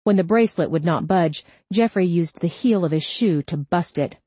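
A woman narrating a crime novel audiobook in a measured, unhurried delivery. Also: on the low side, mellow, no room sound.

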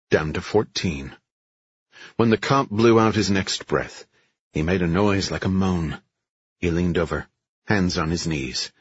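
A man reading a thriller audiobook in a measured, steady way. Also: sits low, husky, highs cut off. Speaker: audiobook narrator. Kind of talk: scripted narration.

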